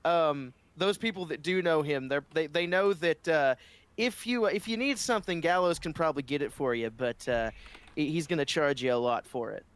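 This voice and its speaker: A man's voice: fairly high pitch, moderate pace, clear, resonant tone. A man player describing his tabletop character in casual chat, rambling with many fillers and restarts.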